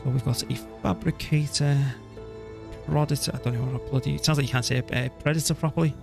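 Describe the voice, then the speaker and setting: A male streamer mutters to himself and swears mildly while casually commentating on a strategy game he's playing. His medium-pitched voice is fast, fairly even in intonation, and has vocal fry, with music playing underneath.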